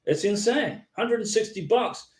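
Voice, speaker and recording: Hosting a live visa advice stream, this American man keeps things chatty and rambling, repeating himself and reading viewer comments aloud before answering each person by name. His high voice is expressive and unhurried, with a reverberant sound.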